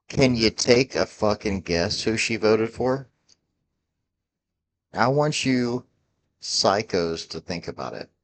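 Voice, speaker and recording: A man's voice: lowish voice, slight background noise. Heated, profane man ranting. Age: 40s. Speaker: political vlogger ranting. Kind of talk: angry political rant to camera.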